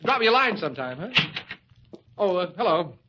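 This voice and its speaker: A man's voice: sits high, very animated, background noise. An actor playing a nervous, scheming young ladies' man in an old radio comedy, stammering and cracking wise. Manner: nervous stammering, quick wisecracks. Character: flustered, scheming young man who is a self-styled ladies' man. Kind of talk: 1940s radio acting. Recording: dull old radio broadcast.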